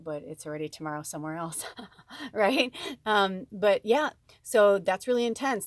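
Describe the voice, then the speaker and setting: A woman giving a casual spiritual card reading, chatty and rambling with frequent ums, warm and encouraging toward her viewers. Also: deep voice, no echo.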